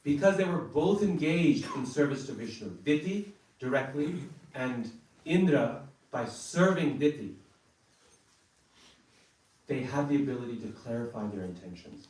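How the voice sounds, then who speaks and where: A man telling a scripture story in a sermon in a temple hall, speaking in a measured, deliberate way. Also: medium pitch, lively intonation, a little mellow, recorded from a distance. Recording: echoey temple hall from afar.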